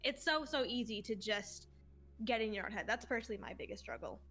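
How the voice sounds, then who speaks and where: A woman's voice: a little high, expressive, a little fast, a bit bright, faint music behind. A woman in her twenties, a streamer guest, telling stories in a casual interview in a gushing, heartfelt way and swearing casually.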